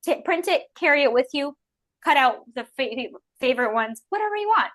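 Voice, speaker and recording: Animated woman guest on a podcast. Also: sits high, brisk. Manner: animated, acts out people's inner voices. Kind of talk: casual interview chat.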